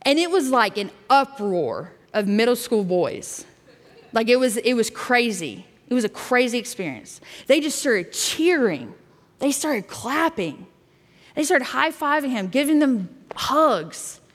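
A woman's voice: on the high side, big pitch swings, unhurried. A woman youth pastor giving a sermon and telling a personal story in a candid way, with fillers and restarts. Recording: long hall reverb.

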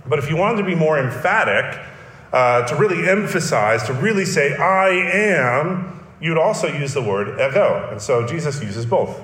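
A man's voice: on the high side, animated, normal speed, fairly bright tone, reverberant. A man preaching a sermon, explaining a text in an earnest teaching manner with emphatic repetition. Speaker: pastor.

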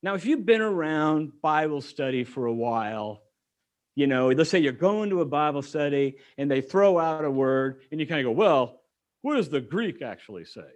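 Male pastor, middle-aged, slightly higher voice, chatty sermon with jokes. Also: lively intonation, moderate pace. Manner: conversational, joking asides to the congregation.

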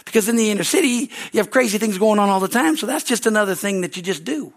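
A man's voice: sits high, expressive, quick pace. A man preaching a sermon as pastor at a church service, telling stories animatedly with frequent restarts.

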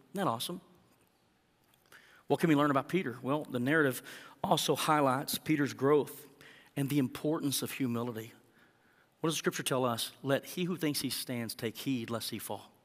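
A man's voice: mid-range voice, in a large hall. A male pastor preaching a sermon in an earnest way that rises to emphatic peaks.

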